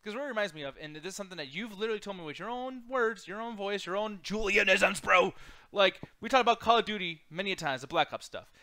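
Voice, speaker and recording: A man with a high, bright voice rants through a casual movie chat as co-host. He swears constantly and complains with animated energy. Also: fast. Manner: profane, ranting, animated. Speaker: podcast co-host.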